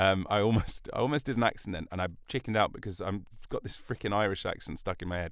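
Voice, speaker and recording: A man's voice: lowish voice, a little fast, hardly any pauses, fairly bright tone, clean tone, dry recording, studio quality. Rambling, jokey male podcast host. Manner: rambling, jokey, self-mocking asides. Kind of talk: solo podcast monologue. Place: recording studio. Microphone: studio mic.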